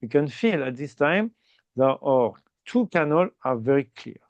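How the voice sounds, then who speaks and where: A man teaching meditation in slow, simple English with small grammar slips, checking in often with "okay?". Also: medium pitch, lively intonation, dry recording, lo-fi sound. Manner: explains slowly and repeatedly, ending phrases with "okay?". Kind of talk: guided meditation instruction.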